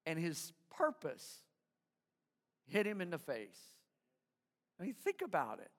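A man's voice: fairly high pitch, huge pitch swings, takes it slowly, a bit bright. A man pastor delivering an emphatic sermon, calling for responses from the congregation and often stumbling over repeated words. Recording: live sermon with long hall reverb.

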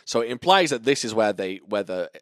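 A man co-hosting a podcast, talking through a horror film and his theories in an animated, casual way. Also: on the low side, fairly quick, no echo, clean studio sound. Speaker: podcast co-host.

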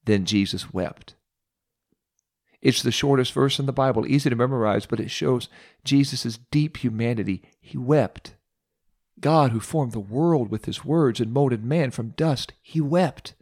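Brief: man, mid-pitched preacher, dramatic expressive storytelling sermon. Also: unhurried.

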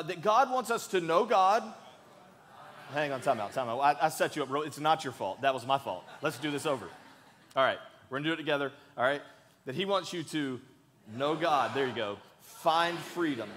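A man preaching a sermon as pastor in a church, earnest and emphatic, leading the congregation in saying lines together. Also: a little high. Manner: earnest, emphatic, leads the congregation in call-and-response. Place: large church sanctuary. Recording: long hall reverb.

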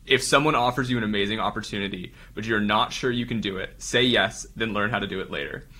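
A male podcast host with a low but bright, forceful voice. He reacts with open enthusiasm, and his words sometimes stumble when he gets excited. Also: fast talker. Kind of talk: casual interview chat.

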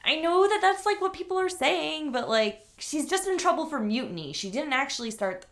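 A woman's voice: high voice, sing-song, a little fast, fairly bright tone. A woman co-hosting a casual podcast chat, talking in an effusive, gushing way. Her sentences run on, full of "like" fillers, as she shares strong feelings. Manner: effusive, gushing, heavy use of "like". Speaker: podcast co-host.

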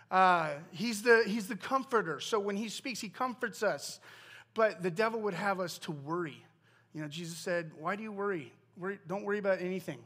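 A man's voice: high-pitched, a bit bright. A middle-aged man giving an informal sermon in an earnest, conversational way, with frequent fillers and restarts. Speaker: preacher.

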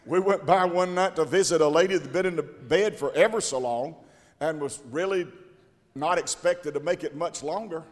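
A man preaching a storytelling sermon, animated and repeating his words, often rising into loud shouted quotes. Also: a little high, normal speed. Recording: long hall reverb.

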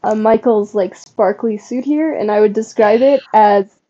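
A podcast co-host chats casually about a comedy show, chatty and giggly, with lots of fillers. Her medium-pitched voice is mellow and unhurried, and the audio sounds dull.

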